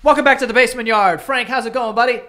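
Teasing, blunt podcast host from New York. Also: male voice, extremely high pitch, fairly even intonation, quick pace, loud music behind the voice. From New York City. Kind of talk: casual podcast banter.

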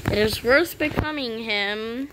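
Slow, jokey woman with a raised voice. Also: fairly high pitch, background noise. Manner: rambling, jokey, meme-quoting. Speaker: gaming channel host. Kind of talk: casual gameplay commentary.

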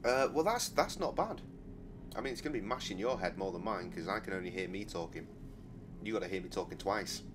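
A man's voice: sits low, animated, a little fast. A man streaming a video game, bantering in a sweary, exasperated, wry way. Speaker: gaming streamer.

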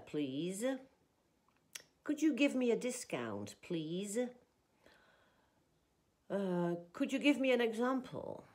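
Slow, lively-toned woman teaching English. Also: fairly high pitch. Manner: slow, deliberate teaching delivery. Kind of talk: language lesson with example sentences.

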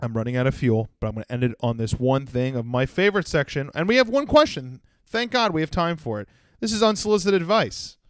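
A young man hosting a comedy podcast, ranting crudely and mocking people with quick impressions. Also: medium pitch, animated, smooth, no room sound, clean studio sound. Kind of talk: solo comedic rant.

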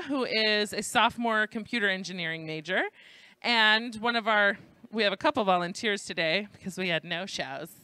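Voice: medium pitch, bright, forceful tone, smooth, no echo. Jokey game-show host with a New York accent. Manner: jokey, playful asides to the audience. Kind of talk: hosting a live trivia game show. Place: indoor student event at a library.

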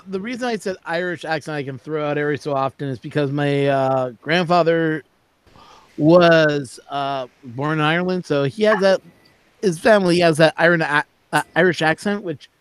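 A man's voice: on the high side, normal speed, clean tone, no room sound. A Canadian man with a Canadian accent, chatting casually and teasing friends on a video call. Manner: chatty, teasing, laughs often. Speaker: livestream guest. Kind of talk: casual chat.

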